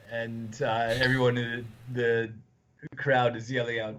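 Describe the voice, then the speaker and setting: A man's voice: medium pitch, steady tone, measured pace, a bit bright, slight background noise. Chatty man over slightly dull call audio. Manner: chatty, laughs readily. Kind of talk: casual chat.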